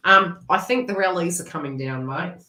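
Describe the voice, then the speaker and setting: A middle-aged woman talks a viewer through a psychic reading in a casual, blunt way, laughing often and swearing lightly. Her voice is bright and sharp and sits a little low. She is far from the mic in an echoey room. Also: normal speed, slight background noise. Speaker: psychic reader.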